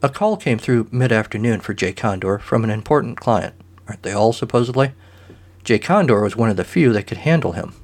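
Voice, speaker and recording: A man's voice: lowish voice, animated, fairly quick, a little mellow. A man narrating a comic short story in a dry, matter-of-fact way.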